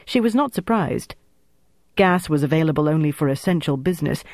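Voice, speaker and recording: Male audiobook narrator, slightly high voice, steady measured pace. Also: no echo.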